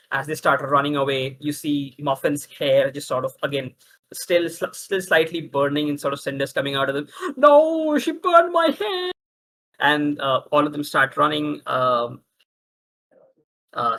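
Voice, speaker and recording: A man narrating as game master of a tabletop role-playing game, talking in halting bursts with many restarts. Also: mid-range voice, bright, forceful tone, low-quality recording.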